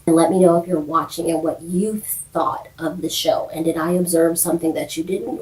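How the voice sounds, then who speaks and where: Chatty woman with a lowish voice. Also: recorded from a distance, poor audio. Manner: animated storytelling, quotes characters, frequent laughs. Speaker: YouTube show recap host. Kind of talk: casual chatty TV recap.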